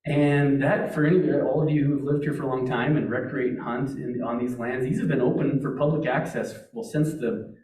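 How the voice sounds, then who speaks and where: A man from Montana talks to a meeting audience in a loose, storytelling way, often restarting his sentences. His voice sits at an ordinary pitch. It is picked up from some distance in a roomy hall with a clear echo. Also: steady tone, moderate pace, a little mellow. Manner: conversational storytelling with many restarts. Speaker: wildlife agency speaker. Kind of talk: public talk.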